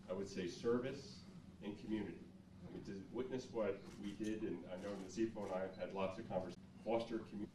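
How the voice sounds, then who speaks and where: A man with a Southern US accent giving a brief, measured congratulatory speech as a guest. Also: fairly low pitch. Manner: measured, lists words deliberately. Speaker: guest speaker. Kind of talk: short formal speech. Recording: distant echoey hall mic with noise.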